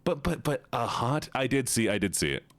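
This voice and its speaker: Lively, playful man streaming live. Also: medium pitch, fairly quick, no echo. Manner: playful, animated, chatty with viewers. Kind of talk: casual live-stream chat.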